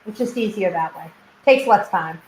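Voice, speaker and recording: A woman hosting a casual livestream chat, telling lively stories with frequent laughter and swearing. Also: medium pitch, moderate pace, reverberant, a little hiss or hum, rough recording. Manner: animated storyteller, swears and laughs often. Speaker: host.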